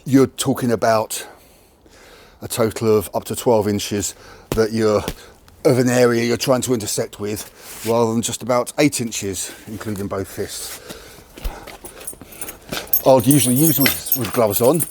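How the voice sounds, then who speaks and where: Standing outside by a tree, a man runs a casual training demo for his martial arts channel, talking plainly and frankly as he shows the moves. His medium-pitched voice is measured and a bit mellow, and there's a little hiss or hum on the recording.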